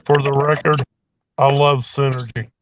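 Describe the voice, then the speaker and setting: A man's voice: mid-range voice, little pitch movement, moderate pace. A man co-hosting a livestream, chatting casually with dry jokes. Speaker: co-host of a livestream. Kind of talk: casual group chat. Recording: dull lo-fi stream audio with faint hiss.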